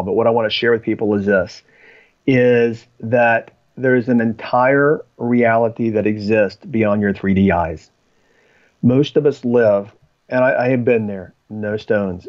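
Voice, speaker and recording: A man, a podcast guest, telling personal stories in a rambling way with frequent ums and restarts. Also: medium pitch. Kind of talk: storytelling in conversation. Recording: slightly dull lo-fi audio.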